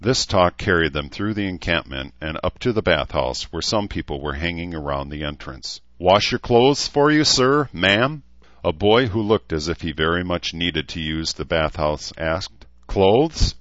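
A man narrating an audiobook in a measured storytelling manner. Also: a bass voice, fairly bright tone, no echo. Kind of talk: scripted narration. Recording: dull, dry studio read.

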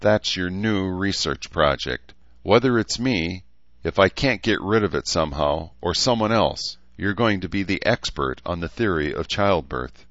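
Audiobook: male narrator doing a tired, dry-witted mother, deep voice raised slightly, flat dull audio. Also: unhurried, no echo. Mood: weary. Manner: dry, exasperated. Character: middle-aged woman doctor, weary and sardonic mother.

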